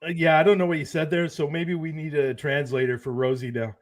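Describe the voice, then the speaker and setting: A man appearing as a guest on a chat show, easygoing and quick to laugh, telling his stories. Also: a little high, little pitch movement. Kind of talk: casual chat.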